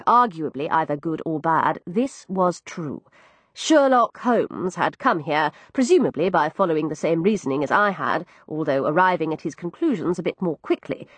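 A woman narrating a first-person audiobook in an expressive, crisp storytelling manner. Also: lowish voice, no echo.

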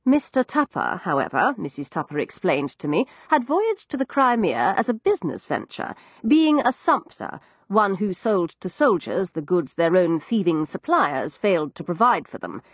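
Animated woman reading a novel aloud. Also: lowish voice, normal speed, no echo. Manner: expressive and crisp, with lively storytelling inflection. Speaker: audiobook narrator. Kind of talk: first-person audiobook narration.

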